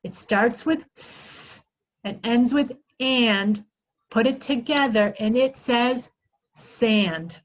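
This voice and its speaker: A woman giving a literacy workshop, sounding out phonemes slowly and asking questions she answers herself. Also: a little high, a little hiss or hum, rough recording. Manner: slow, exaggerated sounding-out of phonemes; asks questions then answers them herself. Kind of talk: instructional presentation.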